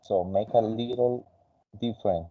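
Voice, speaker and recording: A man with a lowish voice runs an English lesson, patient and encouraging, stopping often with "uh" and "okay?" to correct his student. The audio is dull and lo-fi, like a call recording. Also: measured pace. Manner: patient, coaching, many fillers. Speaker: English teacher. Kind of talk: online English class.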